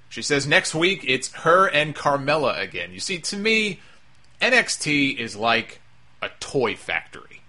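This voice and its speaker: A man's voice: medium pitch, sharp tone. A man hosting a wrestling podcast, giving a blunt, sarcastic, opinionated recap and swearing freely.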